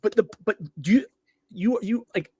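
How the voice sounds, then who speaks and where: A man co-hosting a casual podcast, talking in an animated, rambling way and often cutting himself off mid-thought. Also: sits high, moderate pace, slightly rough, no room sound, clean studio sound. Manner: animated, rambling, self-interrupting. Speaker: podcast co-host.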